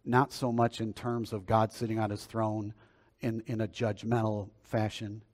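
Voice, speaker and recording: A pastor preaching a sermon and praying, earnest, shifting between swelling phrases and quiet ones. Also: male voice, lowish voice, flat delivery, measured pace. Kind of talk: sermon and prayer.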